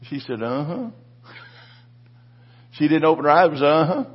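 A man's voice: on the high side, steady tone, very fast, slightly rough, highs cut off. A man preaching a sermon, telling a personal story with fervent, repetitive delivery and calls for the congregation to respond. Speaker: pastor.

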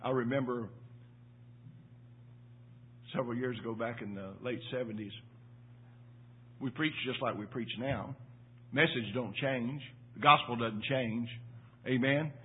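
An older man preaches to his congregation in a husky voice, climbing to loud emphatic peaks, then dropping to low quiet asides. He repeats phrases for emphasis and keeps checking in with the room. The sermon is heard through tinny, phone-like audio. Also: unhurried, long pauses. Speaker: pastor. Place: church.

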